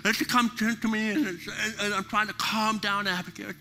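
A middle-aged male pastor preaching a sermon, impassioned at times and soft and prayerful at others. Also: high-pitched, steady tone, fairly quick, few pauses, faint music behind.

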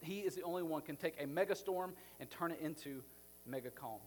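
A man, a pastor, preaching a sermon in a conversational, animated way, acting out the scenes he describes. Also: on the high side, a little fast, a little hiss or hum.

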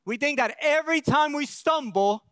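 High-voiced earnest male pastor. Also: moderate pace, a bit bright, no room sound, studio quality. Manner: earnest, keeps checking in with the congregation, frequent restarts. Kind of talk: sermon.

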